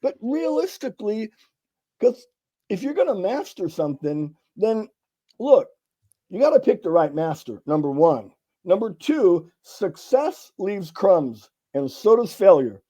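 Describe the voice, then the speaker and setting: A middle-aged man from California, a sales author and guest, telling lively stories in a casual interview and acting out the dialogue. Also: high-pitched, measured pace. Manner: animated storyteller acting out dialogue, casual swearing. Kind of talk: conversational interview storytelling.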